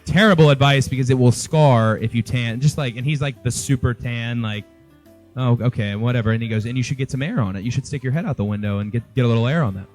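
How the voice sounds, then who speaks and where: A man's voice: medium pitch, quick pace, soft background music. A wrestler telling a funny anecdote in an interview, acting out the other people's lines as he goes. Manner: lively storyteller who acts out the other people's lines. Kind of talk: casual anecdote.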